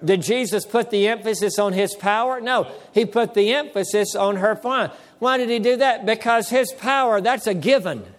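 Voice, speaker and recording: A man preaching a sermon as pastor, calling for amens and slowing down to stress key words. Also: sits high, big-room sound.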